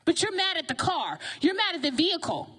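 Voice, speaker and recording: High-voiced woman preaching animatedly. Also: fairly quick. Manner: animated, conversational, asks the congregation questions. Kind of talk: sermon.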